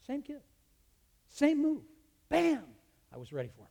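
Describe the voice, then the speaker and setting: A man, a teacher, telling a personal story as a testimony, animated and with his voice rising sharply in the retold scenes. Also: extremely high pitch, a little slow, vocal fry. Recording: long reverb of a large hall.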